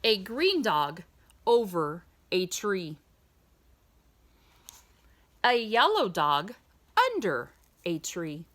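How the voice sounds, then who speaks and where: A woman reads a picture book aloud very slowly, her pitch leaping high and swooping low in an exaggerated sing-song storytime manner. Her tone is bright and clear, and she stops now and then to ask the listener questions. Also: sing-song. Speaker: children's book reader.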